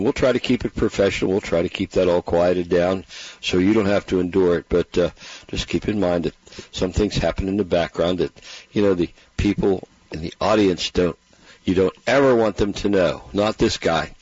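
A man's voice: deep voice, no room sound. A middle-aged man, hosting a radio show in a folksy, rambling way while congested from bronchitis. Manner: folksy, rambling, with many fillers. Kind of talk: casual radio talk. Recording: dull, muffled radio broadcast.

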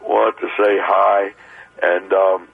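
A man's voice: low voice, little pitch movement, slow, gravelly. A man calling in to a radio show, congested from a chest cold, hesitant and repeating his words. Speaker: caller. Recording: dull phone line into radio.

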